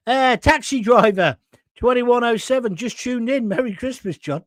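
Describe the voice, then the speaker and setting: A man's voice: high voice, lively intonation, normal speed, dry recording, studio quality. An older man hosting a live opinion show, reading out viewer comments and ranting with indignation and sarcasm. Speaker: host.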